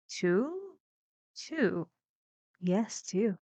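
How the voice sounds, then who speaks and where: Slow, deliberate woman teaching pronunciation. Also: mid-range voice, lively intonation, darkish tone, no echo, dull audio. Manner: slow, deliberate, repeating each word for practice. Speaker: English teacher. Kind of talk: pronunciation lesson.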